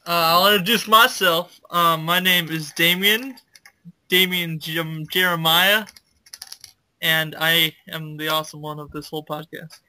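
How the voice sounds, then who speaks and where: A man's voice: fairly high pitch, steady tone, unhurried, sharp tone, rough recording. A young man co-hosting a casual podcast, ranting crudely with constant swearing and jokes. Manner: crude, swearing, joking rants. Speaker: podcast co-host. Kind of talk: casual chat.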